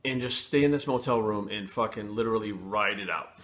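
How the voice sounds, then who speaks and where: A man telling a personal story to camera in casual, blunt and profane talk, pausing and restarting as he goes. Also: fairly low pitch, fairly bright tone. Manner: blunt and profane, frequent swearing; candid, with pauses and restarts.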